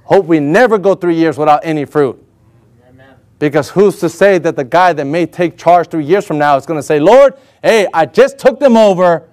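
High-voiced energetic male preacher. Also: a little fast. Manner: rhetorical questions and call-and-response; energetic, emphatic delivery. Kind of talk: sermon.

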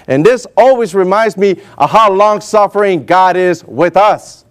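A man preaching a sermon, reading scripture aloud and acting out the figures in a lively, animated way. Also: high-pitched, normal speed. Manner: animated, acts out voices for Moses and God. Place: warm indoor church hall.

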